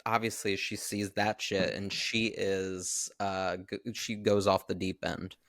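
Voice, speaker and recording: A man co-hosting a podcast in laid-back, casual conversation. He speaks slowly with a gravelly fry. The sound is dry and close. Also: deep voice, level tone, fairly bright tone, no room sound. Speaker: podcast co-host. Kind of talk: casual chat.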